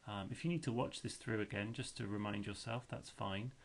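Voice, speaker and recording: A man's voice: lowish voice, fairly even intonation, brisk. A male teacher explaining a lesson step by step, chanting rhythms aloud to show the beat.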